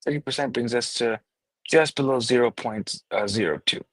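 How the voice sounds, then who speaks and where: A man's voice: mid-range voice, normal speed, no echo, low-quality recording. A man co-hosting a casual chat who walks through trading chart analysis step by step.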